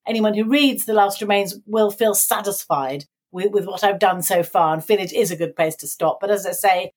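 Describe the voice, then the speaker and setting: A woman's voice: mid-range voice, moderate pace. A middle-aged woman, an author, talking casually in an interview, with frequent tag questions and light laughs. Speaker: author guest.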